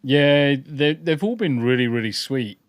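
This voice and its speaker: A Midlands man with a mixed English accent, partly southern, co-hosts a podcast, chatting casually and reading comments with rambling jokes and repeated words. His mid-range voice is expressive and a little slow, against a noisy background.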